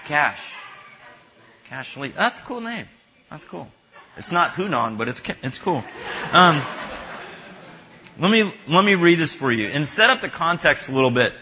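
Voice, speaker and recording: A man giving a conversational sermon as pastor, halting and chatty, joking back and forth with his audience. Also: fairly high pitch, expressive, pushed and bright, a little hiss or hum. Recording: muffled lo-fi recording.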